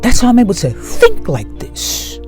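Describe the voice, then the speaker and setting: A man giving a slow, emphatic spiritual monologue to his viewers, repeating key phrases for weight. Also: extremely high pitch, huge pitch swings, a little mellow, faint music behind. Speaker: spiritual video host.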